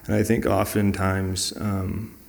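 A man with a low voice that has a gravelly fry in it tells earnest, reflective personal stories. He talks in a conversational way and sometimes acts out the words of other people. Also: completely flat delivery, takes it slowly, a little mellow. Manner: earnest and reflective, acting out quoted dialogue. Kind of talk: personal storytelling in a conversational talk.

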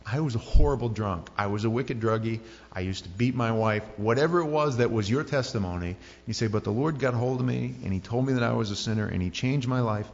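A man's voice: mid-range voice, big-room sound. Man, pastor, conversational sermon, acts out quotes, dull lo-fi sound.

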